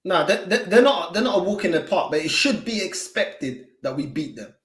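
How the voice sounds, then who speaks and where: A man co-hosting a live football watchalong, chatting in excitable, slangy banter. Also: high voice, moderate pace, reverberant. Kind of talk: casual live match chat.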